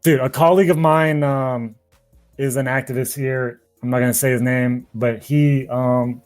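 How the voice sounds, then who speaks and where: A man's voice: mid-range voice, steady tone, normal speed, darkish tone, soft background music. A man speaking as an activist guest in a casual interview, heated, profane and passionate, admitting he gets emotional.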